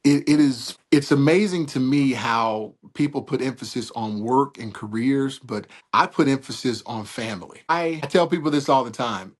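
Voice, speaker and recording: A middle-aged man, a veteran sports broadcaster telling stories as a guest in a casual interview, with emphatic, preacher-like rhetorical questions. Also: mid-range voice.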